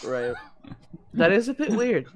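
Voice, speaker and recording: A man's voice: high-pitched, big pitch swings, measured pace, a loud crowd. Joking man chatting as a guest. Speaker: podcast guest. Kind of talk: casual podcast chat.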